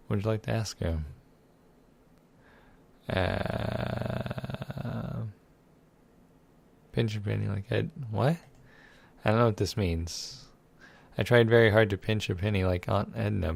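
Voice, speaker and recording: A man's voice: on the low side, vocal fry, a little mellow. A man reading a text game aloud and adding sarcastic, irreverent commentary, swearing freely. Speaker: let's play gamer.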